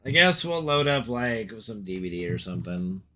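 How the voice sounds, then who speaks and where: A man streaming a game, chatting casually with his chat, swearing freely and breaking into loud outbursts and laughter. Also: lowish voice, sing-song, normal speed.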